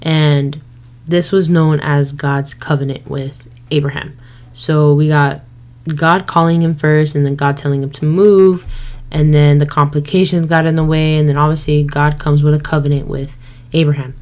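A woman's voice: low-pitched, normal speed. A young woman hosting a faith podcast, retelling a Bible story in a casual, slangy way and acting out what people say. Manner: slangy, lively retelling with quoted voices. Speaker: podcast host.

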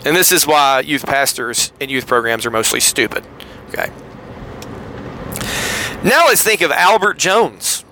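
A man's voice: measured pace, long pauses, a little hiss or hum, low-quality recording. A middle-aged man, telling a wry, sarcastic story in a casual podcast monologue. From Southeastern United States. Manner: wry, sarcastic storyteller with lively pitch swings. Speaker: podcast host.

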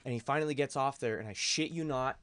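A man's voice: medium pitch, fast, clean tone, no echo. A young man casually telling a story on a podcast, swearing often and acting out what people said. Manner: profane, animated storyteller who acts out quotes. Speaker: podcast co-host.

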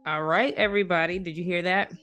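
A woman's voice: on the low side, fairly even intonation, fast, fairly bright tone, soft background music. A woman hosting a podcast interview in a chatty, casual way, with many filler words and easy laughter. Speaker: podcast host.

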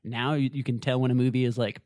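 A man's voice: mid-range voice, fast talker, no echo. Chatty man reviewing a movie, dry sound. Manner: animated, fond of playful voices and asides. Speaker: podcast co-host. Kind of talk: casual movie review chat.

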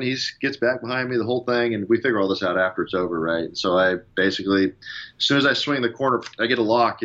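Fast-talking man recounting a combat flight. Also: medium pitch, highs cut off. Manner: fast, animated retelling with acted-out radio calls. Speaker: former fighter pilot. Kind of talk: casual storytelling in an interview.

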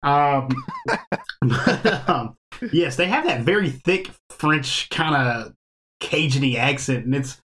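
A man's voice: on the high side, big pitch swings, slow pace, a bit bright. A man hosting a casual podcast chat, talking in a loose, rambling way and laughing often. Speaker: podcast host.

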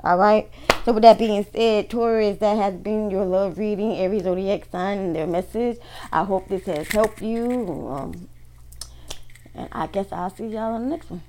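A woman reading tarot cards for her viewers in loose, everyday slang, blunt and quick to swear. Her voice sits at an ordinary middle pitch. A faint hiss and small clicks run under her speech. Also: dark tone, rough recording. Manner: blunt, profane, slangy talk. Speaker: tarot card reader. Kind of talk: casual tarot reading to camera.

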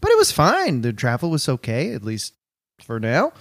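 A man's voice: mid-range voice, wildly swooping pitch, moderate pace, a bit bright, no echo, studio quality. Laid-back young man on a podcast. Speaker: podcast co-host. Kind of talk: casual comedy podcast chat.

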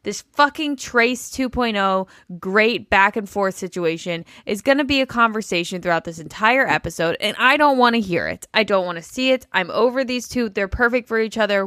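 Bright, sarcastic woman co-host. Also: medium pitch, animated, normal speed, no room sound, studio quality. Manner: sarcastic, blunt, playful. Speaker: podcast co-host. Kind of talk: casual reality TV recap chat.

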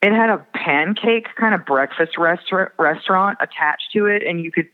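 A man from the Fargo area, a songwriter guest, talking reflectively with many pauses and fillers. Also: sits high. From Fargo area, Minnesota. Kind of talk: casual interview. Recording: tinny phone line with long reverb.

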